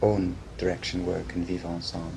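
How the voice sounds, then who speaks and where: Man, interviewer, lowish gravelly voice, measured and polite, faint tape hiss. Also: completely flat delivery, warm tone, rough recording. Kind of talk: interview questions.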